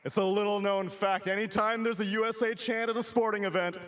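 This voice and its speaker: A man's voice: sits high, little pitch movement, fairly quick, noisy background. A man hosting an esports panel, joking with the crowd and leading chants. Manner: jokey, leads chants, shouts to crowd. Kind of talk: live crowd hype.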